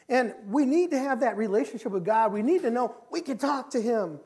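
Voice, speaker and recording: A middle-aged man preaching a sermon in a church. He talks emphatically, repeats his key phrases, and moves between loud and quiet passages. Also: very high-pitched, lively intonation, brisk, hardly any pauses. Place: church sanctuary.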